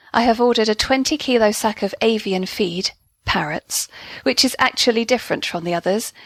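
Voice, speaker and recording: A woman narrating a first-person audio story as a comic diary, in an indignant, lively storytelling manner. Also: medium pitch, no echo.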